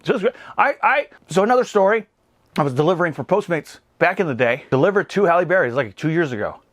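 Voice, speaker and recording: A man in his thirties giving a casual, comedic movie recap, animated and rambling. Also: a little high, quick pace, dry recording. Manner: animated, rambling, laughs at his own jokes. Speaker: movie reviewer.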